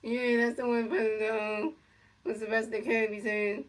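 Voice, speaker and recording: Distant, flat-toned woman calling a game. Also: fairly high pitch, normal speed. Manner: rambling, full of fillers and repeated phrases. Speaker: gamer doing play-by-play. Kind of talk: casual play-by-play commentary over a video game.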